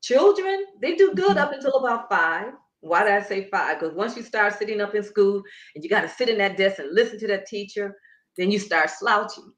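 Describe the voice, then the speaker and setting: A woman's voice: mid-range voice, expressive, fairly quick. A woman who coaches Pilates and breathing, explaining emphatically in a conversational interview. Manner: emphatic, instructive, demonstrating as she explains. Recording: echoey room.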